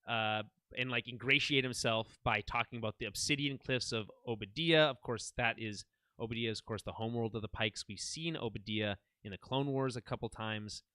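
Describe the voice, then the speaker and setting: A man co-hosting a casual recap podcast, animated and laughing often, swearing now and then. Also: medium pitch, fairly quick, clean tone, no room sound, studio quality. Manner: animated, laughs often, quotes characters in asides. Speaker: podcast co-host.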